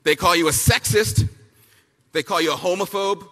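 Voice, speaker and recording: A man giving a punchy, fiery speech at a youth summit. He repeats lines for effect and mocks people with quick impressions. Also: fairly high pitch, sharp tone. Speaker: speaker at a youth political summit. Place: large hall at a summit, with an audience. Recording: big hall with long reverb and a faint crowd.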